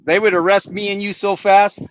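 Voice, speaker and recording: A man's voice: high-pitched, flat delivery, fairly quick. A man from San Diego telling a story indignantly as a guest in a casual chat. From San Diego, California, United States.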